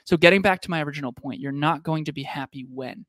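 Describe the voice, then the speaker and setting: A man's voice: fairly high pitch, quick pace, fairly bright tone, dry recording, studio quality. A man co-hosting a live podcast, giving an emphatic, repetitive motivational talk. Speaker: podcast co-host.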